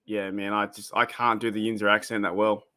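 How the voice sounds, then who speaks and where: Excitable Australian man chatting. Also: lowish voice, a little fast, clear, resonant tone. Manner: rambling, excitable, reacts to game play. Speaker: sports stream host. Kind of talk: casual live reaction chat.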